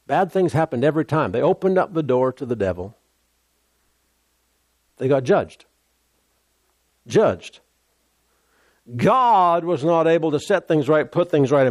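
A man's voice: a little high, expressive, darkish tone, no room sound. Emphatic preacher man, dry sound. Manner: repetitive, emphatic preaching with pauses. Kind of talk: sermon.

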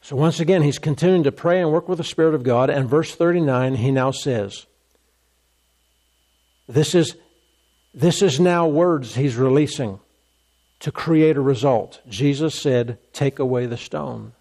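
A man's voice: fairly high pitch, measured pace, long pauses, darkish tone. A man preaching a sermon, emphatic and repetitive, acting out the dialogue of scripture. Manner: emphatic, repeats phrases, acts out scripture dialogue.

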